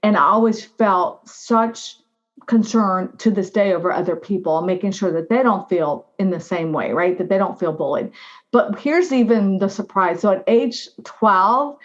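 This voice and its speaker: Middle-aged woman, animated interview guest, chatty storyteller, mid-pitched, slightly muffled audio. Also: normal speed. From United States. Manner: animated, frequent "right?" and "you know". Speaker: guest, diversity officer.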